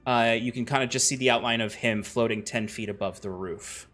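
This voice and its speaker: A man's voice: medium pitch, steady tone, fairly quick, fairly bright tone, faint music behind. A man running a tabletop game as game master, talking casually with frequent restarts. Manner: casual, rambling with restarts and laughs.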